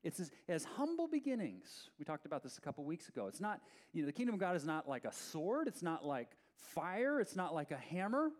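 Animated male preacher, lively storytelling. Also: a little high. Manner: conversational, animated storytelling with acted-out voices; opens in a soft, slow prayer. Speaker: pastor. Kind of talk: sermon.

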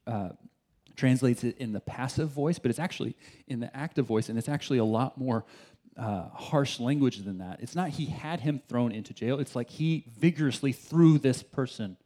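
A man delivers a sermon in a relaxed, chatty way, firing off rhetorical questions and restarting his sentences. His voice sits in a middle register with a mellow, warm tone. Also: medium pitch. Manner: conversational, animated preaching with restarts and rhetorical questions. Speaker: pastor.

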